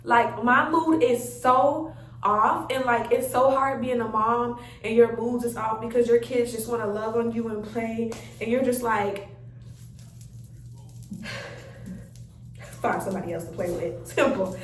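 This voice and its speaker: A young woman, telling a story in an animated, chatty way and acting out her own reactions. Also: fairly high pitch, measured pace. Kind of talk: casual storytime chat. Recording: roomy sound, mic a bit far off.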